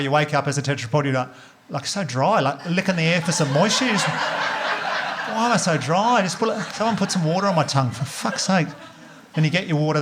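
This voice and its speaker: Fast-talking Australian stand-up comedian. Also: male voice, fairly high pitch, noisy background. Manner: fast storytelling with acted dialogue and swearing. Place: comedy club stage before a live audience.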